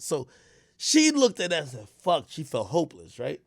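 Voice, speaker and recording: A young man in casual reaction commentary, telling stories with lots of fillers and sudden bursts of shouting. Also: a little high, normal speed, gravelly, no echo, studio quality. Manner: animated storytelling with frequent fillers, bursts of shouting. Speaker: streamer commentator.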